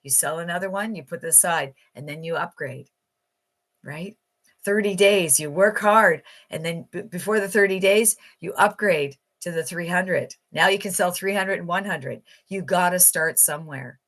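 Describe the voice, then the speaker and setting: A woman giving an enthusiastic, emphatic motivational sales pitch for an online marketing program. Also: normal speed, fairly bright tone.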